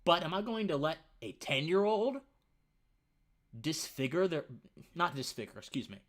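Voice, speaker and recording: A young man with a slightly high voice speaks at a moderate pace as host of a casual opinion livestream. Lively and conversational, he uses "man" a lot, wanders off topic, fumbles words, and restarts his sentences.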